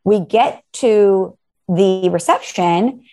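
A woman's voice: mid-range voice, extremely slow. Chatty woman telling a story. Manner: animated, acts out quoted lines. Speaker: co-host. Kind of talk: casual chat, storytelling.

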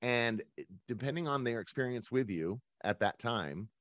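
A man's voice: mid-range voice, lively intonation, normal speed, fairly bright tone, dry recording. A man who runs his own events business, telling his career story as a guest in a conversational interview.

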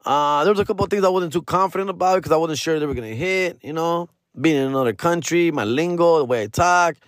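Slangy, profane comedian from Los Angeles. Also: male voice, fast talker, no echo, studio quality. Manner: profane and slangy, drops Spanish words; lively swings in pitch and loudness. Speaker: stand-up comedian, podcast host. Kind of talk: casual comic storytelling.

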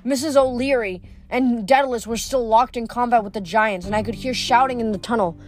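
A woman's voice: fairly high pitch, fairly quick. Woman reading a novel aloud. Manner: steady reading with occasional slips and restarts. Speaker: reader.

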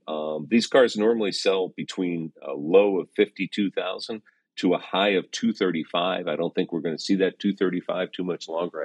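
A man's voice: low voice, no echo. A middle-aged man, a classic car valuation expert, chatting casually and hesitantly with lots of fillers and some wry teasing. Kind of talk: casual conversational chat.

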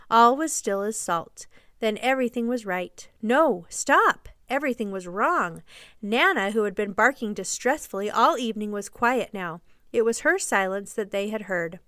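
A woman reading a classic children's novel aloud in expressive, measured storybook narration. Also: mid-range voice, smooth, no room sound, clean studio sound.

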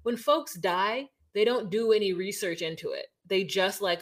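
A woman's voice: mid-range voice, normal speed. A woman co-hosting a podcast, telling the story in a rambling, frank way with casual swearing. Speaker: podcast co-host. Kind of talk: casual recap chat.

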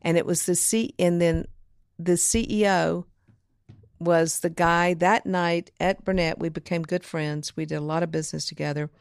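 A woman from Mississippi tells a story in an interview, acting out other people's lines as she goes. Her voice sits low and has a gravelly edge. The recording is dry and close, with no room sound. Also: steady tone, normal speed, no echo. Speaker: guest, music producer and author.

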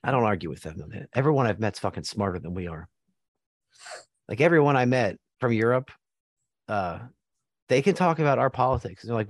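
A man's voice: medium pitch, lively intonation, a little fast, pauses often, dry recording. An American man hosting a casual sports chat, blunt and joking with plenty of swearing. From United States.

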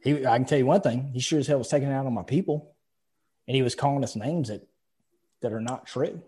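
Mellow, husky-voiced man chatting bluntly. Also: mid-range voice, fast. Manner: blunt and animated, telling stories with quoted speech. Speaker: podcast co-host. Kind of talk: casual podcast chat.

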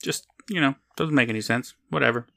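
A man's voice: medium pitch, a little fast, vocal fry, pushed and bright, no room sound, clean studio sound. A man co-hosting a podcast, chatting casually and making wry, joking asides. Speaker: podcast co-host. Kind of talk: casual chat.

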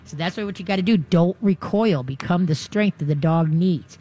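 A woman's voice: lowish voice, normal speed, few pauses. Chatty woman radio dog-training host. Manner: chatty, coaching, acts out dog voices. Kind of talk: call-in radio advice.

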